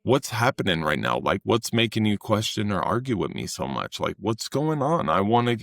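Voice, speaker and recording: A young man with a fairly low voice talks earnestly on a casual podcast about coaching. He speaks close to the mic in a dry, dead room, and now and then he acts out quotes in a louder, higher voice. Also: very animated, normal speed, gravelly, no room sound. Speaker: fitness coach and podcast co-host.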